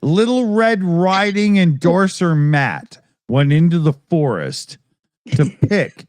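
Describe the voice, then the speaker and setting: A man's voice: fairly high pitch, lively intonation, slow, a little mellow, no room sound. A man in his fifties co-hosting a live stream in casual chat, laughing often and swearing freely.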